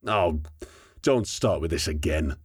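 A man voicing a young female corporal who sounds weary and dismissive, with a flat delivery. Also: very deep voice, measured pace, slightly rough, dry recording, clean studio sound, heavily acted.

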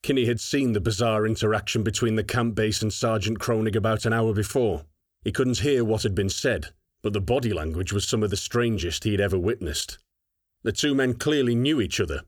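Low-voiced male audiobook narrator. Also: brisk, dry recording, clean studio sound.

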